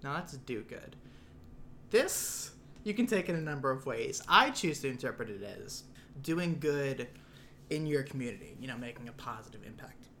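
A young man co-hosts a podcast in loose, casual chat, laying out his ideas in a dry, rambling, self-mocking way. His voice is bright and moves around a lot, and faint noise sits under it. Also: medium pitch, sing-song, normal speed. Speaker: podcast co-host.

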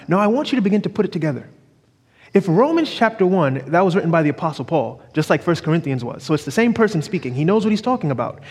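A man with a fairly high voice preaches a sermon and tells a story from the pulpit. He stretches key phrases slowly and checks in with the congregation. His voice rings with long reverb in a church hall. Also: very animated, slightly rough. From New York. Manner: call-and-response preaching, drawn-out emphatic phrases. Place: church sanctuary.

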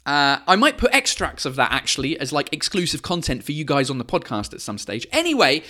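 A comedian hosts his live-streamed podcast from home during lockdown, speaking into a podcast microphone in a slightly high, sing-song, bright and forceful voice at a somewhat fast clip. The chat is casual, with free swearing, bits of French and lots of filler sounds.

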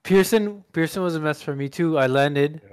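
A man's voice: a little high, normal speed, a little mellow, clean tone. A man in casual chat, recounting a mishap in a laid-back, emphatic way.

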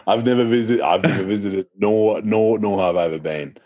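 Low-voiced Sydney private-school man. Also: brisk, mellow. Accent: Sydney private-school Australian. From Australia. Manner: articulate, self-correcting, laughs easily. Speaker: podcast guest, lawyer. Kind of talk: casual podcast chat.

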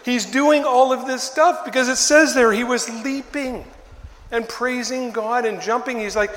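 An older man preaching a sermon as pastor, telling the story in a lively, conversational way and acting out the bystanders in little voices. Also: very high-pitched, unhurried, echoey room, in a large hall.

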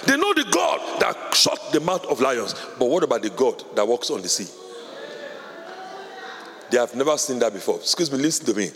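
A male pastor preaching a sermon with fervor, building from quiet, urgent stretches to loud shouted declarations. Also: medium pitch. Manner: fervent preaching, rising to shouts. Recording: long hall reverb.

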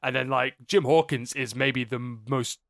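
A man co-hosting a casual film chat, dryly sarcastic and halting with many fillers. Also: mid-range voice, steady tone, vocal fry, fairly bright tone. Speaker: podcast co-host.

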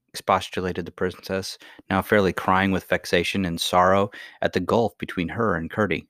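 Low-voiced man reading a storybook. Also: little pitch movement, normal speed, fairly bright tone, no room sound, clean studio sound. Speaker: audiobook narrator. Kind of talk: storybook narration.

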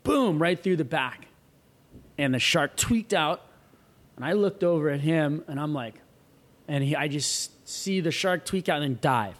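A little hiss or hum underlies this surfer's slightly high voice at normal speed. As a guest in casual chat, he animatedly tells a wild story, voicing the people in it and swearing freely.

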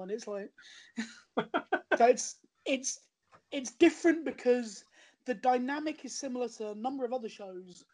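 A woman talks through her recommendation in a loose, conversational way, circling back and restarting her sentences as she goes. Her voice sits a touch higher than most women's. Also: a little mellow. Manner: chatty and rambling, with many restarts. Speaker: guest recommending a TV show. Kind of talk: casual podcast chat.

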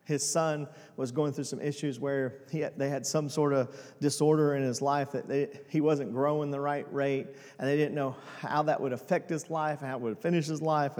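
A man preaching a sermon as pastor, swinging between hushed and loud passages. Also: on the high side, long reverb tail.

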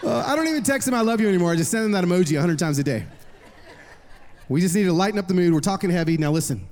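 A man preaching a sermon, telling stories with animated delivery and voicing other people's lines. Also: high-pitched, racing, a little hiss or hum. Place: large hall with an audience. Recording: long hall reverb.

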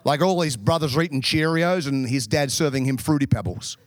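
A man preaching a sermon in a lively, joking way with quick asides. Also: mid-range voice, a little hiss or hum. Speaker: pastor.

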